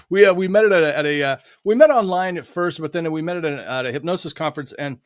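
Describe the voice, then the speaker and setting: A man's voice: fairly high pitch, fairly quick, no echo, clean studio sound. A man from the United States hosting an online book launch over a video call, talking loosely with many fillers and little laughs. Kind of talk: casual livestream chat.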